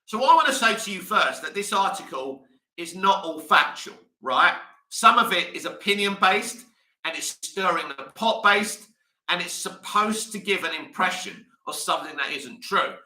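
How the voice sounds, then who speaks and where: Guy ranting passionately on a movie livestream, high sharp voice, echoey room a bit off mic. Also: expressive, moderate pace, distant mic. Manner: passionate, rambling, addresses viewers directly. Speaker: movie news channel host. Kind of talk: live-stream commentary.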